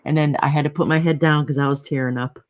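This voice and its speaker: A woman's voice: low-pitched, steady tone, quick pace. A woman co-hosting a casual livestream chat, agreeable and chatty, reading out comments.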